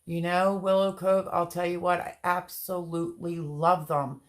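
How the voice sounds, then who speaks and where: A woman's voice: lowish voice, flat delivery, measured pace. A woman hosting a gardening live stream. She chats casually and rambles, showing seed packets and answering viewer comments as she goes. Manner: reads viewer comments aloud and answers them. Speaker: gardening channel host.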